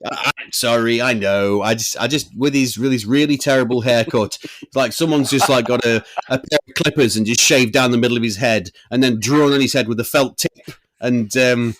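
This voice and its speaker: A man's voice: mid-range voice, normal speed, fairly bright tone, no room sound. A man co-hosting a podcast, reviewing a film in a rambling, swearing, casual chat. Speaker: podcast co-host.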